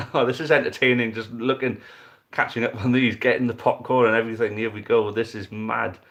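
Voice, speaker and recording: A young man hosting and commentating a dice football tournament, chatty and excitable, swearing casually. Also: mid-range voice, a little fast. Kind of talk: live commentary and casual chat.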